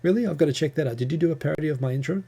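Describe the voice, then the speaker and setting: Gravelly New Zealand man, chatty livestream host. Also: fairly high pitch, rapid-fire, warm tone. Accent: New Zealand English. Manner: chatty, rambling, with frequent ums and self-corrections. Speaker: livestream host answering viewer questions. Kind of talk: casual live Q&A.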